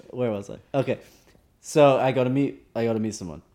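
A man's voice: mid-range voice, a little mellow, a little hiss or hum. Joking man laughing through a story. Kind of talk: casual storytelling chat.

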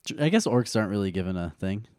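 A man's voice: lowish voice, animated, fast talker, a little mellow, no room sound, clean studio sound. A man in casual chat, laughing often and asking playful questions.

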